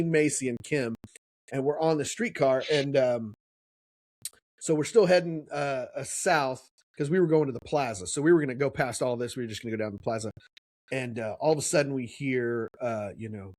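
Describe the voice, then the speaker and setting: A man's voice: mid-range voice, brisk, a little mellow, no room sound. A middle-aged man, a podcast co-host, telling a story in casual chat and acting out the voices he quotes.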